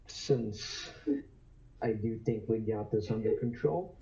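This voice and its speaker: A man playing a tabletop game, speaking in a measured, deliberate way. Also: lowish voice, creaky, warm tone, muffled recording. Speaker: player. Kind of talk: casual tabletop play.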